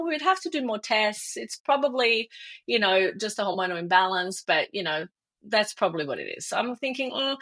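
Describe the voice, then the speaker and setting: Middle-aged woman guest telling a story, lively, acts out the people in it, laughs a lot. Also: mid-range voice. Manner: animated, acts out quoted dialogue with laughs. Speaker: guest, fertility expert. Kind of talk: storytelling in an interview.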